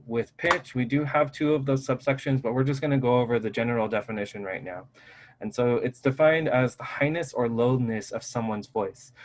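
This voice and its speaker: Guy teaching class into his mic, super casual, says like a lot, middle pitch. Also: poor audio. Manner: loose and conversational, full of filler "like"s. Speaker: college instructor. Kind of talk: casual recorded lecture. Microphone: personal microphone.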